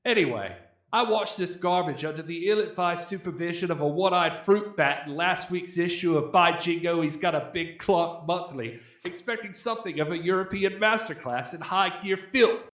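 A man's voice: high-pitched, lively intonation, unhurried. A man voicing a crude British male film reviewer who rants with over-the-top insults, in an echoey room. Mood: ranting.

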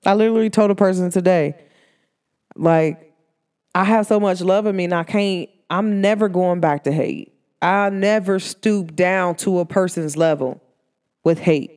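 A woman vlogger talking in a casual motivational monologue, slangy and chatty, with frequent laughs and upward pitch swoops when she gets excited. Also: unhurried.

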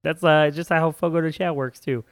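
Profane storytelling man, higher voice. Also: normal speed, dry recording, studio quality. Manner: profane, animated storytelling with acted-out quotes. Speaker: podcast co-host. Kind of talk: casual comedic chat.

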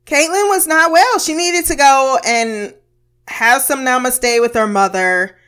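A woman's voice: sits high, measured pace, fairly bright tone, faint music behind. A woman giving a casual, blunt recap of a TV episode, swearing freely and laughing often between remarks. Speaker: TV episode reviewer.

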